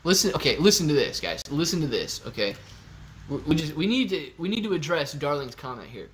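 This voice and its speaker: Excitable, chatty man hosting a live stream. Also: a little high, brisk. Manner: excitable and chatty, talks straight to viewers. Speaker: livestream host. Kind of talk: casual live-stream chat with viewers.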